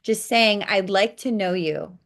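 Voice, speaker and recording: As a podcast guest, a woman spiritual coach tells stories about her clients in an animated, blunt interview style, swearing casually and acting out quotes. She has a mid-range voice and speaks at a measured pace.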